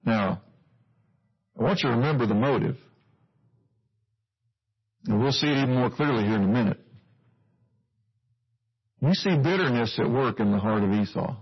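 A man's voice: mid-range voice, animated, normal speed, pauses often, breathy edge. A male preacher giving a sermon, teaching earnestly and putting questions to his listeners, on a dull lo-fi recording.

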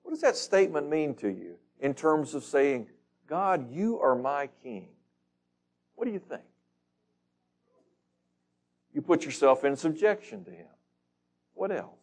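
A man's voice: a little high, very animated, normal speed. A man leading a Bible study, reading scripture aloud and putting questions to the group in a casual, conversational teaching manner.

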